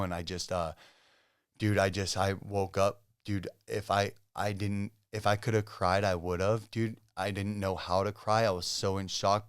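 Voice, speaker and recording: A man from Southern California with a very low, smooth and resonant voice, recorded dry and close. He tells his story as a podcast guest in relaxed, casual talk, peppered with "dude", "bro" and "like". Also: no echo. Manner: laid-back, full of "dude", "bro" and "like". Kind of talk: casual testimony chat.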